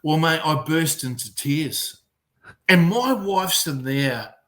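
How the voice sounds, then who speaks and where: He takes things slowly, his voice fairly high in pitch. The speaker is a middle-aged mental performance coach from New Zealand, with the accent to match, swearing freely as he tells blunt, animated stories in a casual podcast chat.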